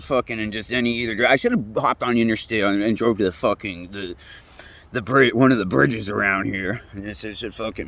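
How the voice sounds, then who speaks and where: A man's voice: mid-range voice, fairly bright tone, dry recording. Rambling, profane young man. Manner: profane, rambling, repeats himself; restarts and trails off often. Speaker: vlogger telling his own story. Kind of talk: casual storytelling rant.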